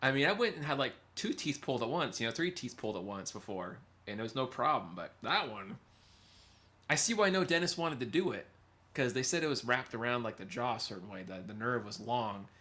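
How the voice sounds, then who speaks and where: Lively bright-voiced male streamer. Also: medium pitch, fairly quick. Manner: rambling, sidetracked, reads and answers chat. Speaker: livestream host. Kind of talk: casual storytelling to chat.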